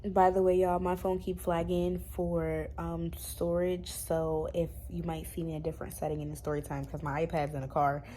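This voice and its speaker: A woman's voice: fairly low pitch, little pitch movement, moderate pace, few pauses, dark tone. Young woman spilling a story on her vlog, blunt and slangy, cusses a lot, a bit of hiss behind. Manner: blunt, slangy, swears freely. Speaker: YouTube storyteller.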